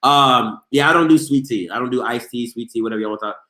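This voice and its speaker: A man's voice: medium pitch, quick pace, reverberant. A man from Maryland hosting a sports show, chatting casually and arguing playfully with his viewers. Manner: animated, playful, argumentative banter. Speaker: sports show host reading chat. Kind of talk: casual live-stream chat.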